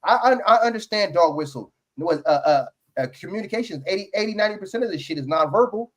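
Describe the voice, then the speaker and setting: New guy going off on a podcast, kinda high voice, swearing a lot, keeps restarting. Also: animated, fast talker. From New York. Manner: profane, heated ranting with many restarts. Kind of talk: heated political podcast chat.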